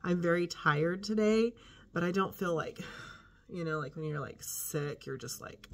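A woman's voice: on the low side, normal speed, a little hiss or hum. An older woman, a teacher chatting casually to her camera, congested and breathing hard, folksy and chatty. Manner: chatty, folksy, drops to soft murmurs. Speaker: teacher and vlogger.

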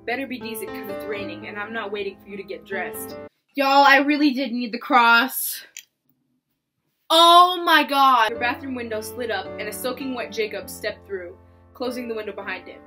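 A woman's voice: a little high, moderate pace, over music. A young woman, reading fan fiction aloud and reacting with dramatic shrieks and laughter. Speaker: YouTuber.

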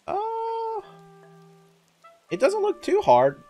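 Excitable man reacting to gameplay. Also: fairly high pitch, unhurried, soft background music. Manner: excitable, swears often, loud reactions. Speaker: streamer. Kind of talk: live gameplay commentary.

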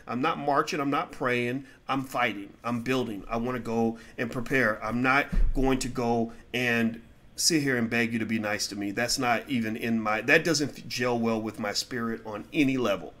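A middle-aged man giving casual opinion commentary, answering viewer questions in a blunt, heated way that swings between loud outbursts and low mutters. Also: moderate pace.

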